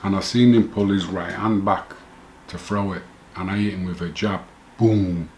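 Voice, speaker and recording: A man's voice: deep voice, steady tone, normal speed, a little mellow, a little hiss or hum. A middle-aged man telling his own story in a rambling, self-correcting way, chuckling now and then. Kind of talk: casual first-person storytelling.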